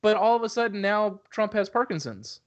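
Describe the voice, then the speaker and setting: A man co-hosting a podcast, making halting, hedged remarks in casual banter. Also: sits high, animated, dull audio. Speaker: co-host.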